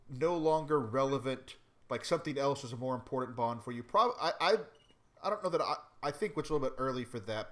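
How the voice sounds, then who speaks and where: A man narrating and explaining rules as game master of a tabletop role-playing game, talking with many fillers and restarts. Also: mid-range voice.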